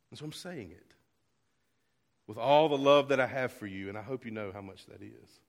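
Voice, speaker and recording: A man pastor preaching a sermon to his church, earnest, dropping to a hush and rising to loud, fervent calls. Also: mid-range voice, moderate pace, big-room sound. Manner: earnest, swings from hushed to loud. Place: church sanctuary.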